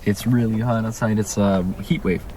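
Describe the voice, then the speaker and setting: A man's voice: fairly low pitch, fairly even intonation, moderate pace, darkish tone, a little hiss or hum. A young man from Canada, speaking in a casual vlog from a room at home, ranting with emphatic rhetorical questions. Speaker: vlogger.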